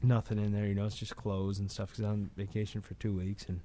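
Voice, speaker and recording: A man's voice: on the low side, little pitch movement, fast talker, warm tone, slight background noise. Rambling man telling a story. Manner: rambling storyteller, repeats words. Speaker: podcast co-host. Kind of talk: casual chat. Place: Finger Lakes region of New York.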